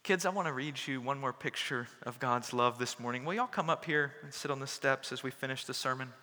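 A male pastor reading a children's story aloud to end his sermon, with a bright, forward tone. He addresses the kids in a warm, animated way. The voice trails into a long reverb from a large church sanctuary. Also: mid-range voice, brisk.

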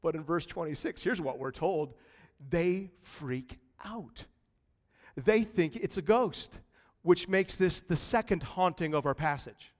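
A man preaching a lively, conversational sermon in a church, swinging from quiet asides to loud bursts. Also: fairly high pitch, measured pace. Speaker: pastor. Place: church sanctuary. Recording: long reverb of a large hall.

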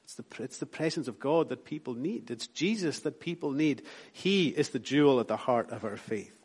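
A Scottish man preaches from the pulpit. He builds his points through repeated emphatic lines, then lets his voice fall soft and low. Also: expressive, normal speed, slightly rough. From Scotland. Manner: rhythmic, repetitive preaching with rising emphatic lines and soft drops. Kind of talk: sermon.

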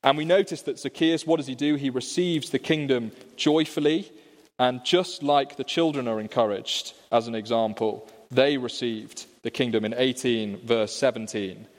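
A man's voice: medium pitch, normal speed, long reverb tail. A man preaching a conversational sermon, explaining a passage and often asking the congregation rhetorical questions. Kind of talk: expository sermon. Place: church.

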